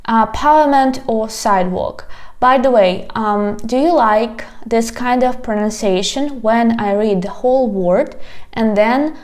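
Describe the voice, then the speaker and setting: Woman, language teacher, slightly impeded speech from braces, deliberate syllable-by-syllable delivery. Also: on the high side. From Ukraine. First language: Ukrainian. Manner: slow, deliberate, repeats words syllable by syllable. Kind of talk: video language lesson.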